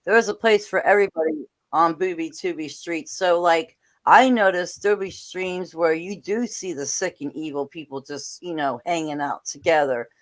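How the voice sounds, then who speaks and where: A woman's voice: on the low side, moderate pace, hardly any pauses. Chatty woman hosting a stream. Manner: chatty, questioning, laughs often. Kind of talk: casual panel chat.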